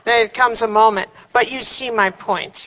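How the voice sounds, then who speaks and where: A woman speaks to a seated group at a workshop with a fairly high voice, asking rhetorical questions and slipping in wry humor. The recording is dull and lo-fi. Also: steady tone, measured pace. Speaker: workshop teacher. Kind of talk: live workshop talk to a group.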